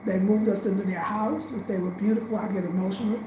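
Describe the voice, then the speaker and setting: A woman from Brooklyn with a New York accent telling her life story, emotional and animated, jumping between loud bursts and quiet asides. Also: mid-range voice, fast talker, roomy sound, noisy background. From Brownsville, Brooklyn, New York.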